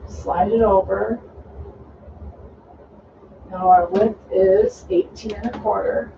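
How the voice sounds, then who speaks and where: A host giving a casual, step-by-step sewing tutorial, explaining calmly while cutting fabric. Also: medium pitch, takes it slowly, vocal fry, slight background noise. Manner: relaxed, instructive, talking while cutting fabric. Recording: distant dull lo-fi sound with faint room ambience.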